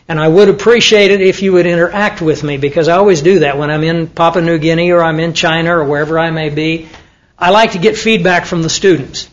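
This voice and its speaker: Guy w a high voice teaching bible to students, chatty, keeps asking the class stuff. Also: lo-fi sound. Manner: conversational, asks the audience questions, with fillers.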